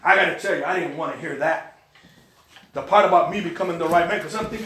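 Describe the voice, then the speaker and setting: Male preacher, high and bright, lively storytelling sermon, roomy echo. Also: fast. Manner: animated storytelling, acts out quoted voices. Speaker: pastor. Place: church.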